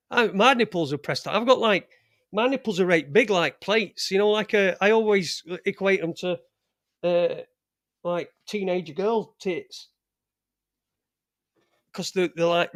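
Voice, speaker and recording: Rambling crude Yorkshire man, bit high. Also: fairly bright tone, no echo, clean studio sound. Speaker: livestream host. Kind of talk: casual livestream chat. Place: home studio in front of a green screen.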